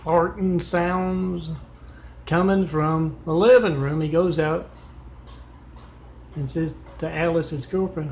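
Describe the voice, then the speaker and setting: Rambling gravelly man telling stories into a phone. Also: fairly high pitch, steady tone, slow pace, pauses often, a little hiss or hum. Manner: rambling, digressive. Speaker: storyteller telling parables. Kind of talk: rambling spoken storytelling. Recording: dull lo-fi phone recording.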